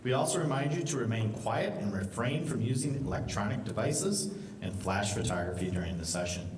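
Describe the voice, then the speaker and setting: A man reading formal announcements as festival announcer, measured and plain. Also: fairly low pitch, darkish tone, slight background noise. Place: large school auditorium. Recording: echoey hall, distant mic.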